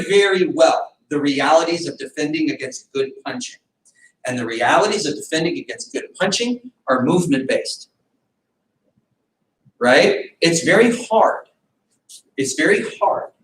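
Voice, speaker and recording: High-voiced man, martial arts instructor, animated class demo with bursts of shouting, echoey room, distant mic. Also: slight background noise. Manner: animated, acts out fight scenarios with sudden shouts. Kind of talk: teaching a self-defense class.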